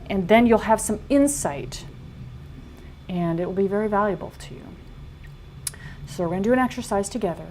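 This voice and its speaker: A woman's voice: on the high side, a little hiss or hum. Middle-aged woman running an online workshop, blunt and punchy, swears a lot, reads people's answers back to them. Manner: blunt, emphatic, swears freely; animated, quoting attendees' typed answers back. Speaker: workshop coach.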